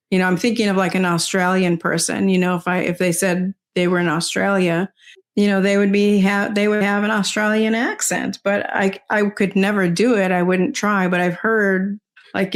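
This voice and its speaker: In a casual conversation, an older woman speaking as an interview guest rambles easily, her voice in the mid range. Her talk is sprinkled with many "you know"s and gentle laughter.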